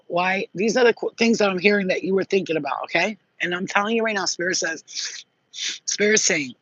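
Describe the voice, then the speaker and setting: A woman's voice: low-pitched, brisk, fairly bright tone, husky, no echo, lo-fi sound. A woman casually giving a channeled psychic reading to camera, blunt and chatty, swearing freely and speaking straight to her viewers. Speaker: psychic reader.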